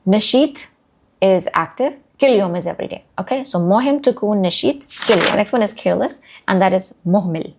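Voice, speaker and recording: Woman, Urdu speaker, casual language lesson, slow repeated words, mid pitch. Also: expressive, a little mellow. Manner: chatty, self-deprecating, repeats words slowly. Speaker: language learner teaching vocabulary.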